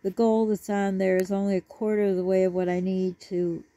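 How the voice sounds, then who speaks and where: A woman's voice: medium pitch, little pitch movement, brisk, mellow. A woman vlogger talking to her viewers in a rambling, apologetic way. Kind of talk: casual chat to camera. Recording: dull lo-fi dry recording.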